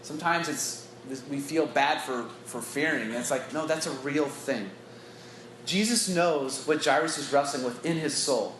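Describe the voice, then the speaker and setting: A man's voice: on the high side, a little slow, fairly bright tone, echoey room, a little hiss or hum, low-quality recording. A man giving an earnest, reflective Bible teaching to church staff, talking conversationally, recorded on a phone in a meeting room.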